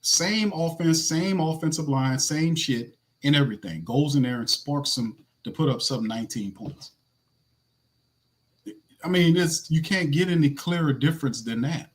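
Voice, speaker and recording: A man with a fairly high speaking voice hosting a casual sports podcast. He argues heatedly and hammers his points home by repeating them. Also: moderate pace. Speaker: podcast host.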